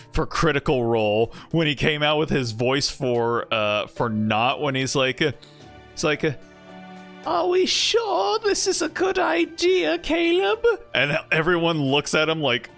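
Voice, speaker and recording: A man's voice: mid-range voice, sharp tone. A man streaming a game, breaking off into rambling, self-mocking asides between reading lines. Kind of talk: casual game-stream commentary.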